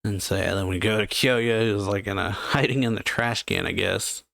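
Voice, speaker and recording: A man's voice: on the low side, normal speed, vocal fry, a bit bright, no echo, studio quality. A man hosting a reaction channel, casually recapping a manga chapter and reading its lines aloud, with rambling filler-heavy talk. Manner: rambling, filler-heavy, strings lines together with "and then, yeah".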